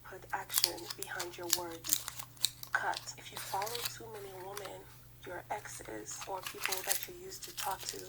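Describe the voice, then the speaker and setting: A woman in a played video clip, listing dating dealbreakers in a gravelly whisper. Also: mid-range voice, level tone, normal speed, very noisy.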